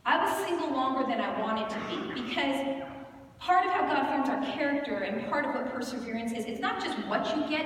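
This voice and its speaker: A woman in her thirties giving a candid, animated storytelling sermon at a conference, often laughing as she talks. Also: fairly high pitch. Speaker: conference speaker. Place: large conference hall. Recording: echoey hall from far off, noisy.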